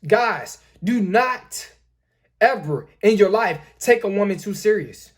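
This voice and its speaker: A man's voice: sits high, animated, slow pace. A man hosting a dating-advice talk, lecturing emphatically, repeating his points and addressing his viewers as guys. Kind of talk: lecturing commentary.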